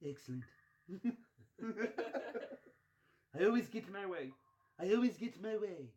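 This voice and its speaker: A man's voice: sits high, lively intonation, measured pace, a little mellow, voice pushed down. A man doing a scheming old cartoon tycoon. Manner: sinister, purring. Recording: dull lo-fi sound.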